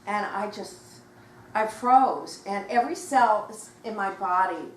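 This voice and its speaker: Animated older woman telling stories in a room. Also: mid-range voice, unhurried. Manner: animated, acts out quoted voices, laughs while telling. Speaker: guest author at a book talk. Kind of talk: anecdotal storytelling to a live audience. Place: bookshop event room. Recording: roomy, distant mic, faint noise.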